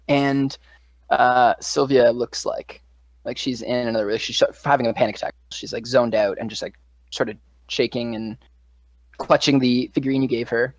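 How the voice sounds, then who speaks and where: A man's voice: medium pitch, fairly even intonation, moderate pace, no echo. A man narrating a tabletop adventure as game master, building scenes in a loose, vivid storytelling way full of little fillers. His voice sits in a middle register and comes across dry and close, with no room around it.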